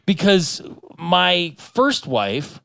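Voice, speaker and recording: A man's voice: high voice, sing-song, extremely slow, gravelly, fairly bright tone, no room sound. Rambling, profane male storyteller. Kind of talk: casual podcast chat.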